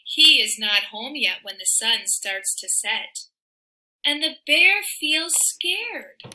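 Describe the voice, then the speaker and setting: A woman reading a children's picture book aloud in an expressive, sing-song way, with soft asides to the listener. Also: on the high side, slow pace, poor audio. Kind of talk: read-aloud storytelling for children.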